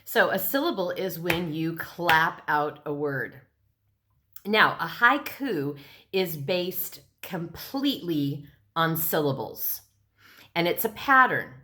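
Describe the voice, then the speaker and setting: Middle-aged woman teaching young kids on video; unhurried, a touch low, patient and clear. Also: pushed and bright. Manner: patient, slow and clear, clapping out syllables. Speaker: elementary school teacher. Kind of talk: recorded classroom lesson.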